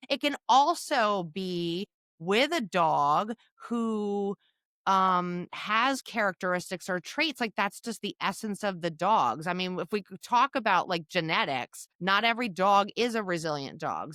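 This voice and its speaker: A woman's voice: lowish voice, fairly bright tone, no echo, studio quality. A woman co-hosting a podcast about dog sport, talking thoughtfully and often restarting her sentences. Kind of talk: casual conversational chat.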